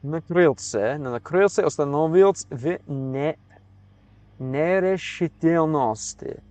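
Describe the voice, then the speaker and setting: Halting American man streaming. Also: a little high, darkish tone, no echo. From United States. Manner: halting, repeats words, sounds out foreign phrases slowly. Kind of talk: casual live-stream commentary.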